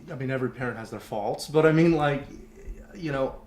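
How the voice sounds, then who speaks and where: A man's voice: mid-range voice, a little fast, darkish tone. A young man telling a personal story in conversation as a podcast guest, candid and rambling, full of fillers. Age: young adult. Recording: roomy echo, faint background noise.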